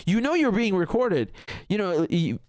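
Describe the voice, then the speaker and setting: A man's voice: high voice, big pitch swings, moderate pace, a little mellow, no room sound, clean studio sound. A man hosting a live political commentary show, reacting indignantly and emphatically to a video clip and swearing freely.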